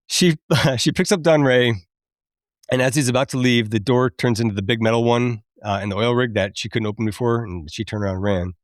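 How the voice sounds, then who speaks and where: A man in his thirties hosting a podcast, chatty and quick to laugh as he recaps a film and admits it moves him. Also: mid-range voice, dry recording, studio quality. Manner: chatty, laughs often, openly emotional. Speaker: podcast host.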